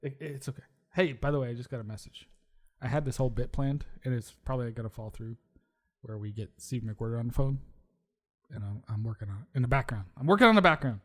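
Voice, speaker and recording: A man's voice: medium pitch, quick pace, fairly bright tone. A man co-hosting a casual podcast, brash and swearing, calling his friend dude. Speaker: podcast co-host. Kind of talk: casual banter.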